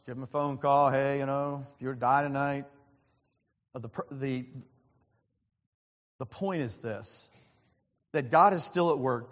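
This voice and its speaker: A man preaches a sermon in a church, earnestly telling a personal story and acting out other people's lines. His voice is at an ordinary male pitch and rings with the long reverb of a large hall.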